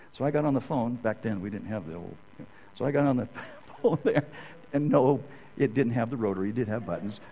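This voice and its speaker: A man's voice: medium pitch, expressive, brisk, darkish tone, rough recording. Rambling middle-aged man preaching casually. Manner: rambling, keeps asking "okay?". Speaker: Bible teacher. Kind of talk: conversational sermon with personal stories.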